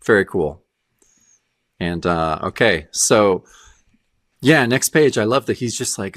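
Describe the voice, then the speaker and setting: A man's voice: on the low side, slow, pauses often, no echo, studio quality. A man co-hosting a podcast, chatting casually about comics and acting out lines from the panels. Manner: animated, acts out comic panel dialogue. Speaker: podcast co-host. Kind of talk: casual comic review chat.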